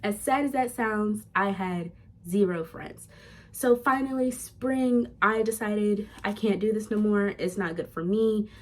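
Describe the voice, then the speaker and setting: A young woman talks straight to her viewers in a relaxed vlog, candid and chatty. Her voice sits at an ordinary middle pitch for a woman. She speaks casually, calling her audience "y'all". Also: a little slow. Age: young adult. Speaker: vlogger, nursing student. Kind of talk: casual talking-head vlog.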